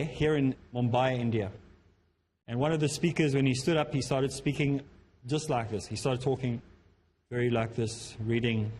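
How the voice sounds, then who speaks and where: A man from Africa, lecturing students on public speaking in a lively way that acts out the speakers he quotes. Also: medium pitch, slight background noise. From South Africa.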